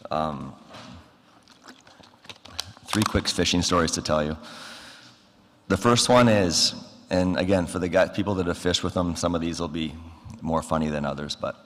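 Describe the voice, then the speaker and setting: A man with a very deep, low voice and a Canadian accent speaks at a memorial service. He tells his stories haltingly, with many fillers, and acts out the phone calls. His voice carries a long reverb from the large hall around the podium microphone. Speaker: eulogy speaker. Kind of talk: memorial speech, storytelling.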